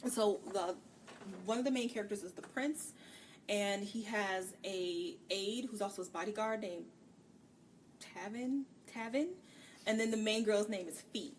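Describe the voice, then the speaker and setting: Ranting woman book reviewer, mic off at a distance. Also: mid-range voice. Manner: candid, ranting, acts out characters' lines in quick bits. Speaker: book review podcast co-host. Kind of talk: casual chat. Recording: distant mic with faint background noise.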